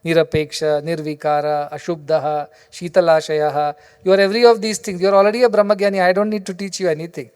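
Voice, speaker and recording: A man's voice: high-pitched, fairly even intonation, fast talker, hardly any pauses, a little mellow, smooth, close to an everyday voice. A man voicing a forest sage who speaks in a probing, emphatic way, heard with long hall reverb.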